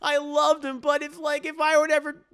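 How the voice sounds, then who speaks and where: A despairing teenage girl put on by a man, her voice pushed well above his own and breaking into halting, stammered phrases. The tone is bright and edged, with a gravelly catch underneath. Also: very high-pitched, completely flat delivery, voice pushed up.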